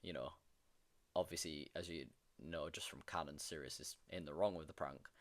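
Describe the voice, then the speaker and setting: A young man with a rumbling low voice talks at a normal speed, casually chatting on a stream. He's an animated storyteller sharing funny moments from filming, full of fillers and frequent bursts of laughter.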